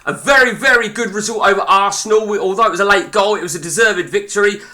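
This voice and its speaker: Guy rambling and swearing on a live game stream, highish voice, really bright. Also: fast. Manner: blunt and sweary, rambling with many fillers. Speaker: streamer playing a football management game. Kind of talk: live gameplay commentary.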